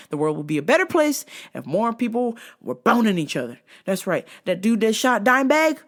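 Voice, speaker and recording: A woman hosting her own video blog, telling profane comic stories in a blunt, crude and emphatic way. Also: fairly low pitch. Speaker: vlog host.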